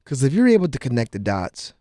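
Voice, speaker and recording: A man hosting a call-in talk radio show in an animated, exclaiming way on a studio microphone. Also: mid-range voice, quick pace. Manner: animated, exclaiming, repeats the phone number.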